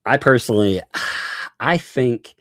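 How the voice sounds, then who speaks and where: A man's voice: medium pitch, expressive, takes it slowly, fairly bright tone, no echo, clean studio sound. A man hosting a live stream, chatting casually, laughing often and thanking viewers by name.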